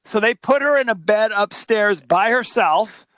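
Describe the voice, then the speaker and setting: A man co-hosting a podcast, recapping a movie plot in a joking, animated way. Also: high-pitched, unhurried, dry recording. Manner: animated, jokey, recaps the plot with quoted asides. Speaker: podcast co-host. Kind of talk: casual movie-review chat.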